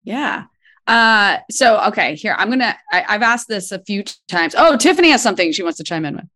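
A woman hosting a live after show, reacting quickly and asking her guests questions. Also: mid-range voice, expressive, sharp tone. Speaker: host.

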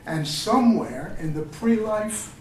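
An older man reads his poetry aloud to an audience, slow and halting between poems and expressive in the recitations. His voice sits a bit high for a man. The sound comes from a distance in a roomy, echoing space. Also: slight background noise. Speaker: poet. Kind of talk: poetry reading with chatty asides. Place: reading venue with an audience. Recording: roomy echo, distant mic.

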